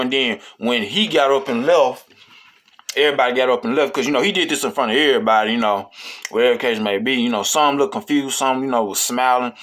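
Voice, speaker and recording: A man's voice: mid-range voice, fairly bright tone. A man telling a story in a casual, rambling, profane way, with many fillers.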